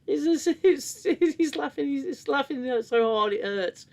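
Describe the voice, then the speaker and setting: A man's voice: extremely high pitch, animated, unhurried, gravelly. A man hosting a casual review livestream, talking in a rambling, candid way, swearing often and laughing easily.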